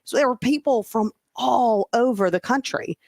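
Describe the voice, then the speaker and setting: A woman's voice: on the high side, moderate pace, dry recording. Southern lady weather forecaster rambling through stories on a podcast, dry close mic. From Mississippi, US. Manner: chatty storyteller with lively asides. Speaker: TV meteorologist guest. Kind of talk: casual interview chat.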